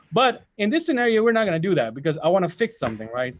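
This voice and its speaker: Rambling casual male IT instructor. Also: sits high. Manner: casual, rambling, self-correcting, addresses students directly. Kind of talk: live software training walkthrough.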